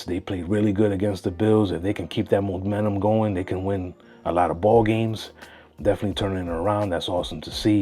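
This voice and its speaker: Slangy low-voiced man with faint music. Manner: slangy, animated, mixes in Spanish phrases. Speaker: sports vlogger. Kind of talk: casual sports commentary.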